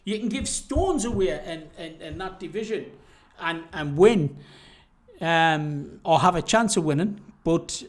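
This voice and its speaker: A man's voice: on the high side, animated, a little slow. A man co-hosting a boxing podcast, talking casually and often trailing off and restarting mid-thought. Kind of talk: casual debate.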